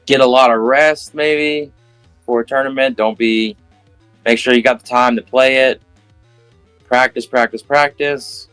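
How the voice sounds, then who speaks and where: A man's voice: medium pitch, fairly even intonation, measured pace, long pauses, fairly bright tone, clean tone, dry recording, soft background music, rough recording. Guy guesting on a podcast, mid voice, loose rambly way of talking, dead dry sound. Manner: casual, rambling, offhand. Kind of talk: casual interview chat.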